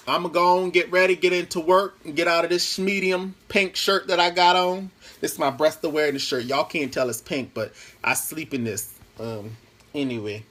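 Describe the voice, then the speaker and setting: A man with a fairly high voice, talking loosely into his phone from home on a live stream. He rambles, jokes and circles back, then turns earnest and pleading. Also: a bit bright. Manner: chatty, rambling, playful, preachy asides. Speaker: Facebook Live host. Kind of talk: casual live-stream monologue.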